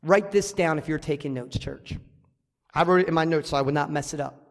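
A male pastor preaching a sermon to his church, emphatic, repeating key lines slowly. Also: on the high side. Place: church sanctuary. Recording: hall reverb.

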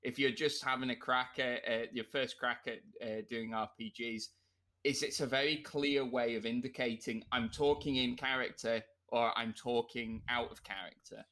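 A man's voice: mid-range voice, steady tone, moderate pace, pushed and bright. A man co-hosting a podcast, explaining eagerly in a casual chat with restarts. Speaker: podcast co-host.

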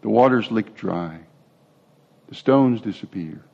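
A male pastor preaches in a relaxed, conversational way, with asides and restarts as he goes. His voice has a gravelly creak. The recording sounds dull and lo-fi. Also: lowish voice, a little slow. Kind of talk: sermon.

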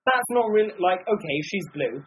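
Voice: medium pitch, moderate pace, slight background noise, rough recording. A podcast co-host in casual chat, ranting about a bad film with acted-out quotes. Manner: animated, rambling film rant with acted-out quotes.

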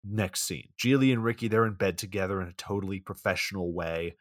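A podcast co-host casually recaps a bad movie, rambling, profane and full of "like." His voice is low and a little fast, and the sound is studio quality with no echo.

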